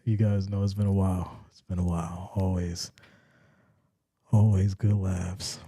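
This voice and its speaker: Hushed, laid-back streamer man with a dark voice. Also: deep voice, level tone, unhurried, husky, dry recording, studio quality. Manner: laid-back, kept hushed so as not to wake his kids. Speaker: sports reaction streamer. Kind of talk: casual live-stream chat and play-by-play.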